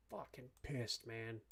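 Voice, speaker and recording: A man's voice: medium pitch, creaky, fairly bright tone, slightly rough. A man streaming a strategy game live, ranting and swearing at his opponents as he plays. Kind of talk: live gameplay commentary.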